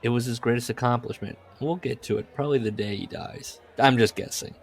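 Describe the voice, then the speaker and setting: A man's voice: medium pitch, fairly quick, creaky, husky. A man co-hosting a casual comedy podcast, reading book passages aloud with mock solemnity and laughing often.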